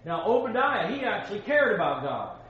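A man teaching a Bible lesson to young students, telling the story with animated rhetorical questions. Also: sits high, fairly quick, highs cut off. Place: room with students. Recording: roomy echo.

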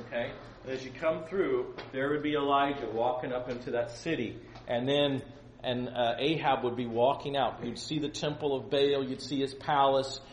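A man preaching at a family camp, teaching the Bible in a conversational, animated way and acting out the scripture. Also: mid-range voice. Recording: roomy echo, faint noise.

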